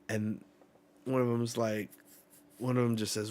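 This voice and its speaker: A man hosting a live manga reaction, reading the panels aloud and reacting with excited swearing. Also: mid-range voice, moderate pace.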